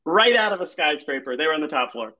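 A man telling a rambling comic story in a halting way, full of "like" and restarts, as he describes absurd scenes. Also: fairly high pitch, expressive, pushed and bright.

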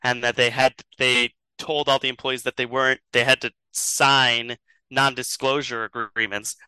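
A man's voice: mid-range voice, flat delivery, moderate pace, bright, forceful tone, smooth, dry recording, low-quality recording. A man improvising a comedic story as a podcast host, rambling and chuckling as he goes.

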